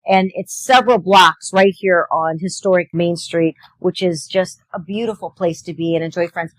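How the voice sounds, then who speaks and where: A woman's voice: on the low side, moderate pace, no room sound, poor audio. A woman co-hosting a live local show at an outdoor street fair, chatting casually and laughing often.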